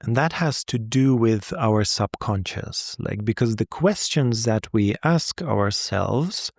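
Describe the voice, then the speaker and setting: Male host, unhurried reflective delivery, low-pitched, close dry sound. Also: lively intonation, gravelly, dry recording. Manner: slow, measured, thoughtful delivery with restarts. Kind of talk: reflective talk to camera.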